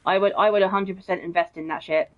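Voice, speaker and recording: A woman's voice: medium pitch, fairly even intonation, fast talker. A young woman casually chatting while streaming a game and reading out viewer comments, blunt and swearing freely. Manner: chatty and blunt, swears often, keeps saying bro. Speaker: gaming streamer. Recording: muffled, dull stream audio.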